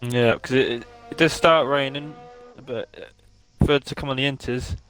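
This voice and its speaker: A man co-commentating an online racing league, calmly reading out qualifying positions between casual banter. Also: mid-range voice, moderate pace, soft background music, poor audio. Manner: relaxed, reads results lists steadily. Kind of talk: live race commentary on stream.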